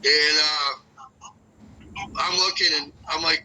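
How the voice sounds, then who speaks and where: A man's voice: fairly even intonation, normal speed, bright, forceful tone, slight background noise, low-quality recording. A man hosting a podcast, telling a rambling, profane story from northern Michigan in a loose, casual way. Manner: rambling, profane, acts out voices with big jumps in pitch. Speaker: podcast host.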